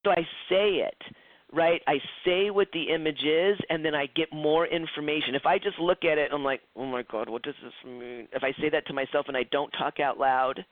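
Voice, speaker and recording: A man with a fairly high voice leads a psychic development class. He talks in a loose, chatty way, acts out quoted dialogue and often restarts his sentences. The sound is tinny and phone-like, with a dry, close feel. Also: a little fast, dry recording. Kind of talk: recorded class lecture.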